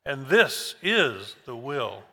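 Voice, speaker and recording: Male preacher, slow emphatic delivery, very bright tone, long hall reverb. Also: medium pitch, sing-song. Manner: slow, emphatic, with repeated phrases. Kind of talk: expository sermon.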